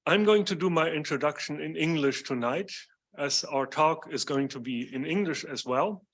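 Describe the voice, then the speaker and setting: A man opens an evening lecture with a formal, measured welcome. His voice sits a little high for a man, and he reads his introduction steadily. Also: a bit bright. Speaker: lecture series host. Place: lecture hall.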